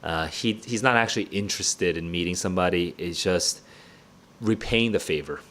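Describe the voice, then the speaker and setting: A man with a somewhat low voice hosts a livestreamed book club and reacts as he reads. His talk is casual and rambling, full of "um", "like" and "right?", with restarts and the odd swear word. He sounds like someone thinking out loud rather than reading a script. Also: normal speed. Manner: thinks aloud, casual and digressive, with frequent fillers and restarts.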